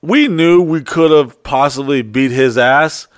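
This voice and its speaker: A man's voice: fairly high pitch, measured pace, dry recording, studio quality. A man telling a story in a casual, profane chat, rambling and stopping to restart often.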